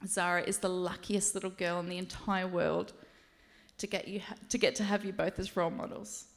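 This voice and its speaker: A woman's voice: fairly low pitch, little pitch movement, fairly quick, vocal fry. A woman giving a maid of honor speech at a wedding reception, reading a prepared toast and laughing and tearing up along the way.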